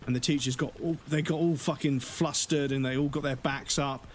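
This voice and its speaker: A man's voice: medium pitch, a little fast, few pauses, a little hiss or hum. A man chatting frankly and rambling as he streams a game, swearing heavily. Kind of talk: casual chat while gaming on a livestream.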